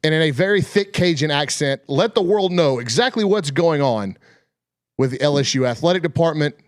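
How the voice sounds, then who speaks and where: Energetic male sports talk host. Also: fairly high pitch, a little fast, dry recording, clean studio sound. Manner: energetic, chatty, emphatic. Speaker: radio show host.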